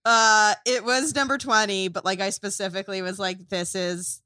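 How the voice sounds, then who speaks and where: A woman's voice: medium pitch, normal speed, sharp tone, no echo. A woman co-hosting a comedy podcast, trading jokes and laughing often. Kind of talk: casual comedy banter, reading jokes.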